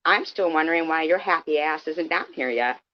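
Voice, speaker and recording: Low-voiced, combative woman in her fifties. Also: fairly quick, muffled recording. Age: 50s. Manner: sarcastic, combative, addresses viewers by name. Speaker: live streamer. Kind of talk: confrontational livestream rant.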